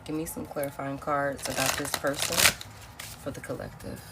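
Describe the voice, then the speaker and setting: A woman's voice: rumbling low, level tone, moderate pace. A woman runs a casual live tarot reading. She talks loosely and repeats herself, tossing in y'all and laughs. The stream audio is noisy. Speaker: tarot reader.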